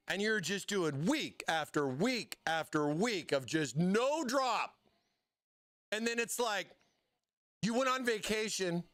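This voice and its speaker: A man's voice: sits high, fairly bright tone, clear, resonant tone, dry recording, clean studio sound. A man hosting a casual livestream giveaway, hyped and slangy, calling viewers "baby" and "bro.". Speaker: livestream host.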